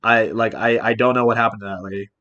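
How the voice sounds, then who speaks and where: A man's voice: fairly low pitch, steady tone, quick pace, sharp tone, lo-fi sound. Easygoing young man hosting a podcast. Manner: hesitant, many fillers, easygoing. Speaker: podcast host. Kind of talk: casual storytelling chat.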